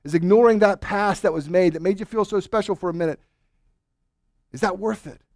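A married man preaching a sermon to his congregation, swinging from loud urging to hushed, earnest questions. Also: high-pitched, fairly quick, dry recording, studio quality. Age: adult, married with children. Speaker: pastor.

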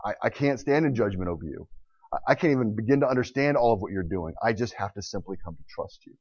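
Preacher putting on a humbled old man, soft and slow, lower voice, muffled recording. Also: lively intonation, slightly rough, no echo. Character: humbled old male sufferer, awed and yielding. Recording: dull lo-fi recording.

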